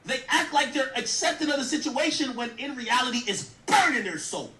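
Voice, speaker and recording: A man's voice: very high voice, animated, brisk, sharp tone, reverberant, far from the mic. A man giving blunt, profane, mocking commentary in a rant. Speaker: streamer commentator. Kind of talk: ranting commentary.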